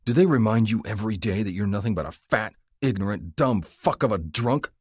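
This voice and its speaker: A man playing a hard, bitter police officer who speaks with quiet, venomous contempt. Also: lowish voice, lively intonation, brisk, breathy edge, no room sound, studio quality, voice pushed up. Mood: contemptuous. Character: hard, bitter former-soldier cop, male.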